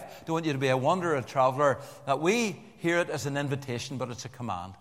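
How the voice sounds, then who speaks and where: An older man preaching a sermon to a congregation in an animated way, repeating words and joking with the listeners. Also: mid-range voice, fast talker, few pauses. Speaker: pastor. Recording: long church-hall reverb.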